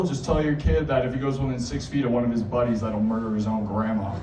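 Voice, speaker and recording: A man's voice: medium pitch, flat delivery, fast, noisy background. A young man from Massachusetts doing a stand-up set in a small bar, crude and rambling, with many fillers. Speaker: stand-up comic. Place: small bar comedy stage. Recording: echoey bar from a distant mic.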